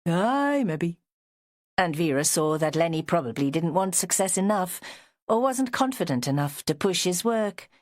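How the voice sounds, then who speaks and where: A woman narrating a crime novel audiobook in an expressive storytelling manner. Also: lowish voice, normal speed, dry recording, clean studio sound. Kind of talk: scripted narration.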